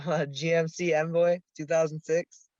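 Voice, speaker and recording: A man's voice: a little high, little pitch movement, normal speed, a little mellow, no echo, lo-fi sound. A young man telling a story as a podcast guest, casual and profane, laughing now and then.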